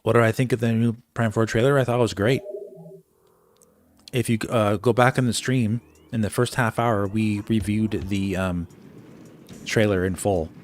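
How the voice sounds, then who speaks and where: Low-voiced man chatting through a game stream. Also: steady tone, normal speed, dry recording. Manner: chatty, thinks aloud with fillers and restarts. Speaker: gaming streamer. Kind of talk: casual live playthrough commentary. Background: game music.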